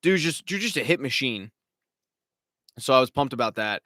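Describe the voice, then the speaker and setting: A man's voice: mid-range voice, expressive, normal speed, bright, forceful tone, no echo, studio quality. A man hosting a live recap stream, talking casually at home, rambling, swearing and slipping into mocking impressions. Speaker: show host.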